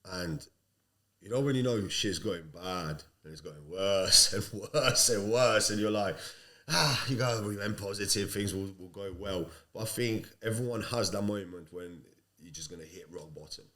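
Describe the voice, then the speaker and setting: A man's voice: low-pitched, moderate pace, pushed and bright. A man in his thirties, a podcast guest, telling his life story in a blunt, streetwise way with plenty of swearing. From Sicily. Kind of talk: casual storytelling.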